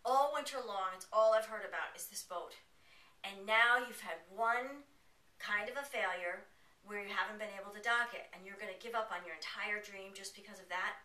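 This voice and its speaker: A patient, supportive boyfriend, as a woman storyteller puts him on, speaking firmly and encouragingly. The voice stays bright. It echoes a little, recorded from a distance. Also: mid-range voice, moderate pace, lightly acted. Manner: firm, encouraging. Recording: roomy, from a distance.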